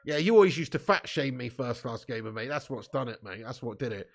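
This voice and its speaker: A man's voice: medium pitch, animated, brisk, creaky. A man hosting a live football watch-along, reading chat comments aloud with mocking banter, swearing and laughing.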